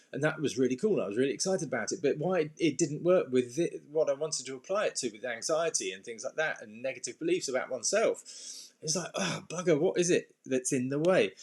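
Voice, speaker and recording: A man's voice: medium pitch, breathy edge. Rambling man coaching on anxiety. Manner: rambling and informal, many fillers and restarts, sudden playful bursts. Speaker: anxiety and self-esteem coach. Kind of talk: casual talk to camera with slides.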